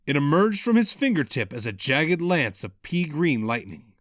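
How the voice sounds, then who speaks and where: A man narrating a dark fantasy audiobook in a dramatic, expressive reading style. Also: on the high side, moderate pace, no echo, studio quality.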